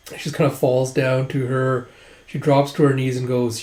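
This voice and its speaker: A man's voice: medium pitch, moderate pace. A man casually recapping a story, acting out the lines with lots of "he's like.". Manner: animated, acts out quotes, frequent "he's like". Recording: roomy echo.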